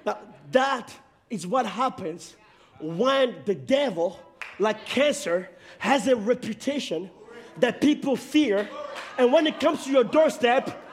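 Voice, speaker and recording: High-pitched guy preaching a sermon, gets loud and emphatic. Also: lively intonation, slow pace.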